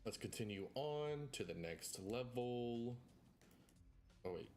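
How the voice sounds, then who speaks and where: A man's voice: medium pitch, animated, slow pace, darkish tone. A man streaming a retro game, chatting casually and rambling with self-mocking asides. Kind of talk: casual gameplay chat. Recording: game music behind voice.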